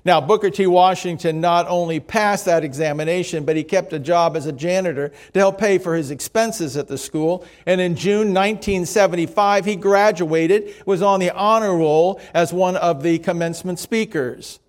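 A preacher with a notably high voice delivers a sermon in a measured storytelling manner. He reads out quotations and anecdotes, then slows down to press his points home. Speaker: pastor.

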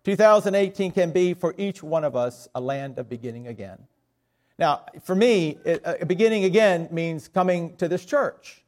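High-voiced Southern pastor preaching. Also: male voice, animated, normal speed, a little mellow. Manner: folksy, self-deprecating humor. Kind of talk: sermon.

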